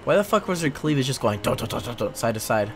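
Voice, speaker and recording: A man's voice: medium pitch, big pitch swings, quick pace, faint music behind. A young man giving let's play commentary, sarcastic, exasperated and full of swearing. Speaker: gameplay commentator.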